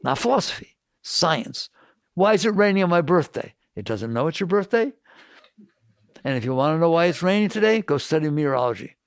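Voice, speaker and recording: A man giving a spiritual talk to an audience, blunt and animated, full of rhetorical questions. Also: fairly high pitch, fairly quick, clean tone, no room sound, clean studio sound. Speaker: spiritual teacher.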